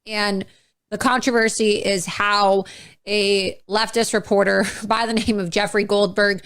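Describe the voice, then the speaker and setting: A woman's voice: medium pitch, flat delivery, measured pace, a bit bright, clean tone. A woman political commentator speaking in a sarcastic tone, with chuckling asides, in a played clip.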